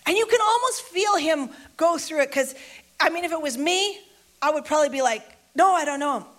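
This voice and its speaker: A woman's voice: sits high, lively intonation, a little fast, a bit bright. A woman preacher retelling a Bible story in a casual, conversational sermon, repeating lines for emphasis.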